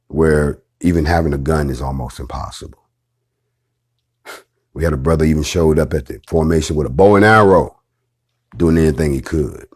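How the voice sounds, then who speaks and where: A man's voice: very deep voice, darkish tone, husky. A middle-aged man leading an organization, talking to his followers in a casual, emphatic livestream with blunt slang and profanity. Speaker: organization leader addressing followers.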